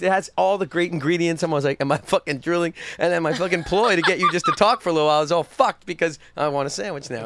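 A man's voice: high voice, bright, forceful tone, no echo. A man in casual crude banter, swearing freely, laughing and acting out voices in his stories.

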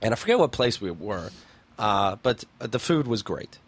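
A man's voice: fairly low pitch, sing-song, normal speed. A man co-hosting a podcast in crude, rambling casual banter, reading out and joking about news stories. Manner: profane, rambling, jokey storytelling. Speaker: podcast co-host.

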